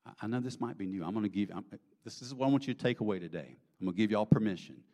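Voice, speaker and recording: A man with a Southern US accent preaching a sermon, folksy and conversational, swinging from loud emphasis to hushed whispers and asking the crowd questions. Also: lowish voice, expressive, a little fast. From American South. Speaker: pastor.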